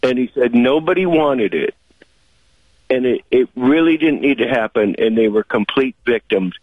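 A man calls into a talk show and tells a long story at an easy, chatty pace, leaning on fillers. His voice sits at an ordinary pitch. It comes through a dry, tinny phone line. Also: normal speed, no room sound. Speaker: caller. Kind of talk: call-in radio talk.

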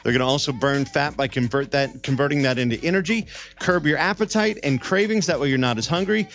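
A man's voice: a little fast, fairly bright tone. A man hosting a radio show, doing an upbeat live ad read and then joking with his co-hosts. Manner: upbeat sales pitch, spells out promo code. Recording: muffled radio broadcast with faint music.

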